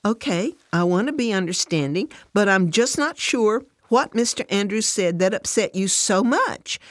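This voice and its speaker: A woman voicing a patient female friend who speaks calmly and cautiously. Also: medium pitch, normal speed, no echo, studio quality, voice pushed up, natural voice. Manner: calm, cautious, plain-spoken.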